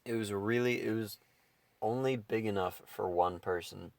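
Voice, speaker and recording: A man's voice: lowish voice, normal speed, creaky, dry recording. A young man co-hosting a podcast in casual chat, who laughs as he retells comedy scenes. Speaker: podcast co-host.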